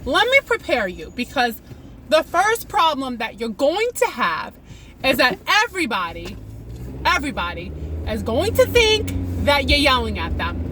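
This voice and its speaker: A woman rants sarcastically at the wheel of her car, her high voice swooping up and down. Loud road noise hums behind her. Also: a little slow. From New York. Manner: animated, sarcastic ranting. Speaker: comedy vlogger. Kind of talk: talking to herself while driving. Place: inside a car while driving.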